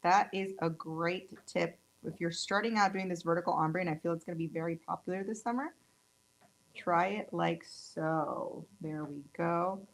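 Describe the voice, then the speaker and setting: A California nail tech instructor in her thirties chats upbeat through a casual nail tutorial demo, gushing over the colors. Her voice sits on the low side, and the audio quality is poor.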